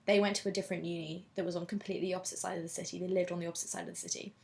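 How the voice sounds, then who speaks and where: A woman in her twenties from England, talking candidly in a casual interview, chatty and quick to laugh. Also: lowish voice, little pitch movement, gravelly, darkish tone. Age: 20s.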